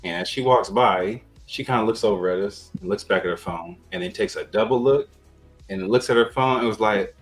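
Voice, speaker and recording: Very low male voice, laid-back podcast host, rambling profane storytelling. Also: brisk, soft background music, low-quality recording. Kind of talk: casual storytelling.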